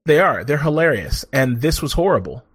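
A man's voice: on the high side, big pitch swings, brisk, breathy edge, dry recording. A man casually griping about a bad comedy film, rambling and swearing, acting out scenes in quoted voices. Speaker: movie reviewer. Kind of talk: casual profane chat.

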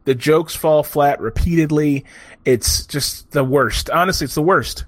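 A man's voice: fairly high pitch, a little slow, no echo. A man casually griping about a bad comedy film, rambling and swearing, acting out scenes in quoted voices. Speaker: movie reviewer. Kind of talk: casual profane chat.

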